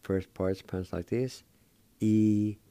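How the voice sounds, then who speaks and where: This middle-aged man teaches vocabulary over the radio, deliberately spelling and sounding out each word and saying it again slowly. He has a fairly low, creaky, mellow voice with no room sound.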